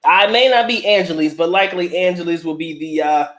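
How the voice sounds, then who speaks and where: A man's voice: sits high, very animated, normal speed. Blunt, profane man host chatting live. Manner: profane, blunt, laughing, street slang. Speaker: livestream host reading viewer comments. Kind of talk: casual livestream chat.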